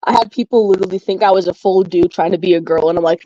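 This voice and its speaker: A woman's voice: fairly low pitch, quick pace, warm tone, no room sound, highs cut off. A woman telling stories in casual chat, rambling and full of fillers. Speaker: chat participant.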